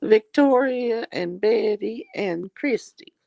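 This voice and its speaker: On a dry, muffled recording, a middle-aged woman from the Southern US reads out comments during her livestream. She speaks slowly in a fairly high, gravelly voice, affectionately addressing viewers as honey and darling.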